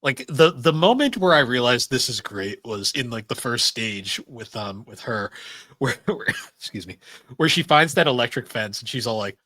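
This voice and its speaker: A man's voice: medium pitch, animated, moderate pace, sharp tone, no echo. A man co-hosting a podcast, chatting enthusiastically about retro games, laughing and swearing often. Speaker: podcast co-host.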